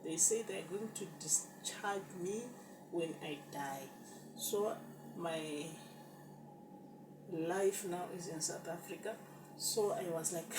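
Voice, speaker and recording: A woman's voice: fairly low pitch, slow pace. Woman vlogger, roomy and distant. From Zimbabwe. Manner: emotional, repetitive, addresses viewers as "guys". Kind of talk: storytime narration. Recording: distant roomy recording with background noise.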